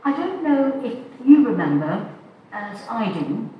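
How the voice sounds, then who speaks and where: An older woman delivers a sermon at an unhurried, deliberate pace, her voice rising and falling with lively inflection. She sounds a little high. The recording catches her from a distance in a very echoey church. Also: lo-fi sound, slight background noise. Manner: slow, measured, thoughtful delivery. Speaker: preacher.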